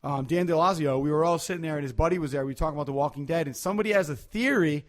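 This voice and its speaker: This fairly high-pitched man talks in rapid-fire bursts as a podcast co-host in casual chat. He tells loose, rambling stories packed with fillers.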